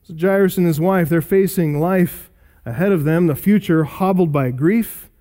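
A man's voice: high-pitched, dark tone. A man preaching a sermon in an earnest, emphatic way, repeating key phrases for weight. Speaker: pastor.

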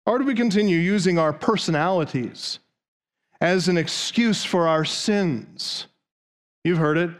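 A man's voice: high-pitched, animated, normal speed. A man preaching a sermon, driving his point with long runs of rhetorical questions. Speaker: pastor.

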